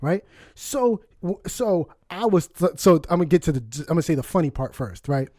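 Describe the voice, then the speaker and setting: High-voiced animated young man. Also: a little fast, no room sound, studio quality. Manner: animated, profane, laughs while telling stories. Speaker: podcast co-host. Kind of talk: casual storytelling chat.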